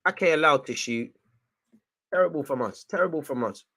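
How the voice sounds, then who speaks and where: A young man, his voice sitting a little on the higher side, commentating live on a football match as a fan. He talks straight at the players and the manager as though they could hear him. He lurches from groaning at mistakes to loud hype. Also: normal speed. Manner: excitable, urges players on, swings between frustration and hype.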